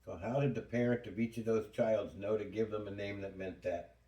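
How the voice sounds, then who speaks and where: A man's voice: on the low side, fairly even intonation, brisk, warm tone, muffled recording. A man in a church study group who gives brief answers and asks questions from the floor. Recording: roomy, far from the mic.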